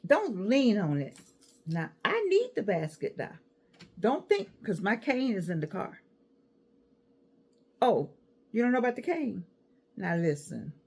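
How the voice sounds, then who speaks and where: A woman's voice: medium pitch, sing-song, a little slow, long pauses, a little mellow, slightly rough. An older woman, chatting to camera and giving life advice in a sassy, digressive way. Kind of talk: casual chat to camera.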